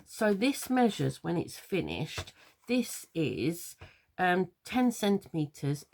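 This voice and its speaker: Homely English woman crafter, gravelly low voice, chatty, meandering tutorial delivery, faint background hiss. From London. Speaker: papercraft tutor. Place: home craft room.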